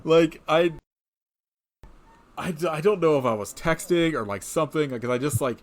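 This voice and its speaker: A man's voice: a little high, animated, normal speed. A man casually recapping a movie on a podcast, rambling with many fillers, swearing and laughing often. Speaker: podcast co-host.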